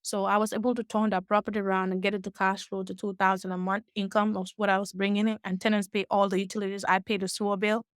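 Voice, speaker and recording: A woman tells her own story as an interview guest. She acts out the quotes of the people in it and corrects her small slips as she goes. Her voice sits at a middle pitch, and the recording is dry with little room sound. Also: smooth, no echo. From West Africa. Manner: animated retelling with acted-out quotes and quick self-corrections. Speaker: guest, real estate investor.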